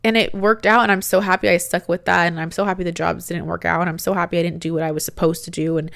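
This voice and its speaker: A young woman in her late twenties tells her own story in a casual, animated style, with "like" in nearly every sentence. Her voice is smooth and clean, recorded close and dry with no room sound. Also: lowish voice, fast, no echo. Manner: chatty, animated, heavy use of "like". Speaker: podcast host.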